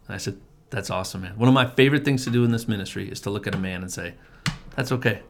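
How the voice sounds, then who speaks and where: A middle-aged man with a slightly low voice tells his story in a relaxed, conversational way. He speaks earnestly, as a family pastor who leads men's groups. He often doubles back, restarting sentences and repeating words. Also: rapid-fire, gravelly, slight background noise. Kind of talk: casual testimony in conversation.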